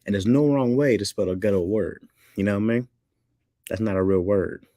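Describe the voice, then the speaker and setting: A man's voice: fairly low pitch, a little fast, dark tone, no echo, studio quality. A man hosting a livestream, joking loosely, laughing often and reading chat comments aloud.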